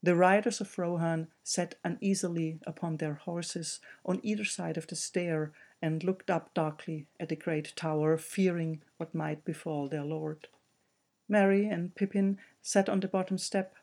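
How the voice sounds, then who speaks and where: A man reading a fantasy novel aloud as an audiobook narrator, in a measured way. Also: sits high, steady tone, vocal fry, a little mellow. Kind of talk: scripted narration.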